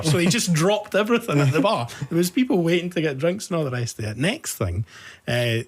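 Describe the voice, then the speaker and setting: A Scottish man hosting a relaxed chat, with a slightly husky voice. He trades stories with his guest and keeps the talk going with quick, friendly replies. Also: fairly high pitch. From Scotland. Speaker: podcast host. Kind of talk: casual chat.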